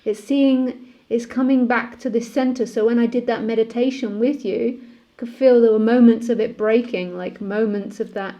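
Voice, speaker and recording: A woman, a spiritual teacher, speaking calmly and repetitively in a live-streamed session and laughing easily. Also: fairly high pitch, moderate pace, lo-fi sound.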